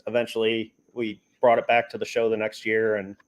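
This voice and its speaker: A man talking casually as a guest on a video-call livestream, easygoing and hesitant with many pauses. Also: on the low side, monotone. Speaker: haunt prop builder guest.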